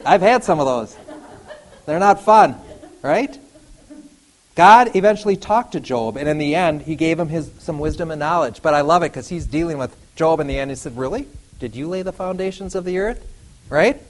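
A man preaching a sermon, animated, acting out biblical dialogue with laughs and sudden outbursts. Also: fairly high pitch, moderate pace, poor audio. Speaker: pastor.

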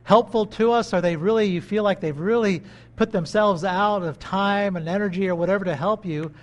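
Animated high-voiced man preaching. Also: moderate pace. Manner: animated, swings between loud bursts and quiet asides. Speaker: pastor. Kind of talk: sermon. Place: country church.

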